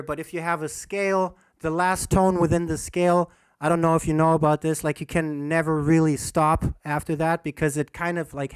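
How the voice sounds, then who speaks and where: A man's voice: fairly high pitch, smooth, dry recording, studio quality. A man, a DJ, teaching rhythm in a casual livestream workshop, swearing often and poking fun at himself, alone in a room. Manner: animated, swears a lot, self-mocking. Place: alone in a room under a bright light.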